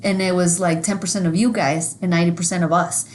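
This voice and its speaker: A woman co-hosting a podcast, telling stories in a casual, profane, animated way. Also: on the low side, fast. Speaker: podcast co-host. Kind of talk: casual chat.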